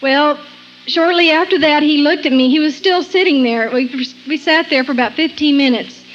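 A woman's voice: high voice, normal speed, muffled recording, a little hiss or hum. A woman giving an earnest personal Christian testimony, often laughing between sentences and quoting scripture.

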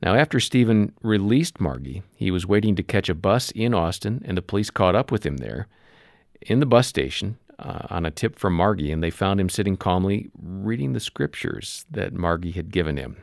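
A man hosting a Christian radio program, narrating a story in a measured, earnest way. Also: low-pitched, lively intonation, gravelly, no room sound, studio quality. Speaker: radio ministry host.

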